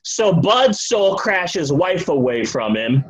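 A man's voice: high-pitched, big pitch swings, takes it slowly, slightly rough, low-quality recording. A man casually telling a comic history story, loose and profane, slipping into the voices of the people in it.

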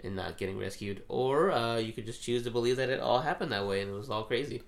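A young man chatting casually about a movie, animated, quick to laugh and swear. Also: mid-range voice, gravelly. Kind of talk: casual chat.

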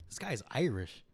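A man's voice: mid-range voice, husky, no room sound. A man co-hosting a casual podcast, easygoing and a bit hesitant, laughing often. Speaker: podcast co-host.

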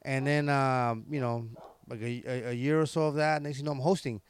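A man's voice: medium pitch, steady tone, brisk, clean tone, no echo, studio quality. A man, a comedian telling rambling stories in casual chat. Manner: rambling, laid-back, lots of fillers. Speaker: stand-up comedian, podcast host.

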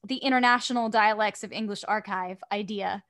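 A woman voice actor chatting casually as a podcast guest, sassy and quick to laugh. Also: mid-range voice, steady tone, a bit bright. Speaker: voice actress guest.

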